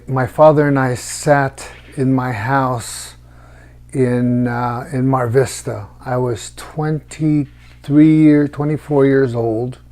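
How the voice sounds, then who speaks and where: A middle-aged man telling a personal story in a halting, reflective way, with frequent restarts. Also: medium pitch, a little mellow.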